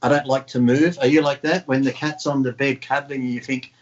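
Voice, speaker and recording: A man's voice: mid-range voice, steady tone, brisk, muffled recording, slight background noise. A man chatting casually on a video call, swearing freely and telling stories in acted voices. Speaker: podcast guest. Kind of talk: casual chat. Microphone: home mic on a video call.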